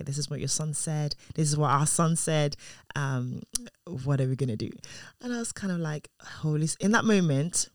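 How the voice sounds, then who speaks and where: Animated woman telling a family story. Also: deep voice, vocal fry, dry recording, studio quality. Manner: animated, acts out quoted voices, restarts often. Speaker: mother telling a personal story. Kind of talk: casual personal storytelling.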